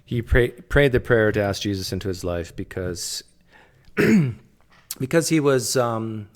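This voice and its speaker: A man's voice: lowish voice, expressive, slow pace. A man commentating casually on a clip, thinking aloud with frequent fillers and restarts. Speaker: video commentator.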